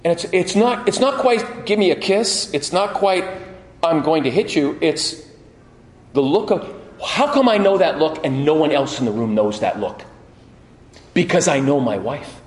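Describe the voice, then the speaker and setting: A middle-aged man preaching a sermon, telling stories with lively quoted voices and frequent restarts. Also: on the high side, normal speed. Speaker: pastor. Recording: echoey hall.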